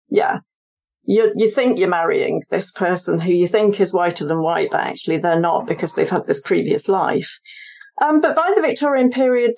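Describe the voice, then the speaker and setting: A woman appears as a guest historian on an interview podcast. She explains her research at length and thinks aloud as she talks. Her voice sits at an ordinary mid pitch for a woman. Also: a little mellow. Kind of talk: conversational interview.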